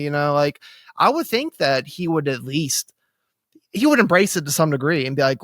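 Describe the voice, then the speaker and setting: Chatty man with a higher voice. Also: animated, a little fast, no echo, studio quality. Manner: rambling, many fillers and restarts. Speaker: podcast co-host. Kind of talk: casual chat.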